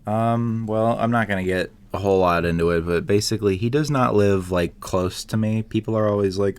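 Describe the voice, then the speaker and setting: A young man from Oklahoma joins a casual podcast as a guest. He has a fairly low voice, and he speaks in a dry, matter-of-fact way. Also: fairly quick, few pauses, clear, resonant tone.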